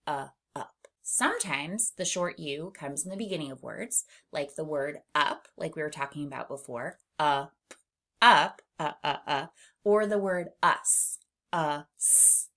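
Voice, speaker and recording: A woman teaching a children's phonics lesson, upbeat and clear, modelling each sound slowly. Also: on the low side, a bit bright.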